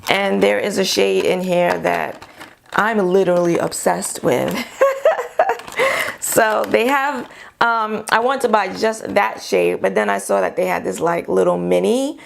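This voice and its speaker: Slow, gravelly woman chatting through a haul. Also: mid-range voice, a little hiss or hum. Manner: chatty, thinking aloud with frequent ums; openly vents annoyance and delight. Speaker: beauty vlogger. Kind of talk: casual product haul chat.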